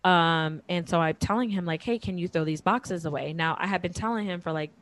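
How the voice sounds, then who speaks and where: A woman in her thirties telling a personal story in casual chat, acting out quoted lines with lively jumps in pitch. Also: brisk, dry recording. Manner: animated, acts out quotes with big pitch jumps.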